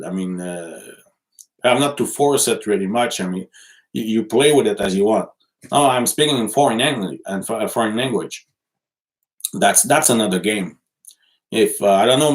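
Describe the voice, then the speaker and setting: A man from Quebec City speaking English with a Quebec French accent; his first language is French. He answers viewer comments in a relaxed livestream chat. His delivery is halting, with many fillers and self-corrections, and his voice sits at an ordinary middle pitch. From Quebec City, Canada. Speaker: livestream host and journalist.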